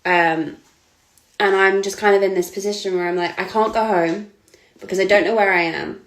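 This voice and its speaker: A woman's voice: medium pitch, steady tone, moderate pace. A woman, a model giving an earnest, hesitant personal account. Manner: earnest, hesitant, with frequent ums and restarts. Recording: echoey room.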